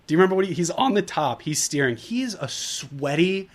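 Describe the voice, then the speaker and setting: A man's voice: on the high side, expressive, brisk. A man co-hosting a movie podcast, chatting casually, often laughing and using lots of "like" as he retells scenes. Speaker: podcast co-host.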